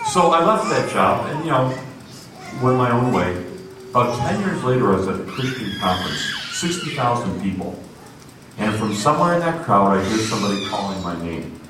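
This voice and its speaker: A man preaching a storytelling sermon in a lively, conversational way, recorded in an echoey hall from far off. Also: medium pitch, moderate pace, background noise.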